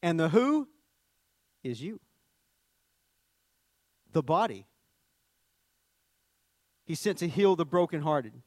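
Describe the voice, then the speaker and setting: A man's voice: a little high, big pitch swings, slow, long pauses, no echo. A man preaching a sermon in a conversational teaching manner, often starting with "see" and restarting phrases as he explains word meanings.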